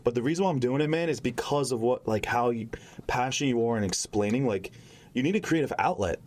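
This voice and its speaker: A man's voice: mid-range voice, lively intonation, quick pace, a little mellow, slight background noise. A man hosting a podcast interview, chatting casually and finishing his guest's sentences with short interjections. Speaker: podcast host.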